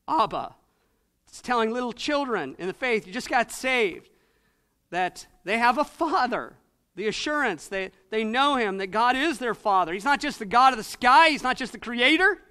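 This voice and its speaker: A male pastor preaching to his congregation, his voice pitched high and ringing with a bright, clear edge. He drops to quiet, intimate asides, then climbs into loud, emphatic exhortation built on repeated phrases. The setting is a church sermon. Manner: swings from soft, low asides to loud, rising exhortation. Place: church sanctuary.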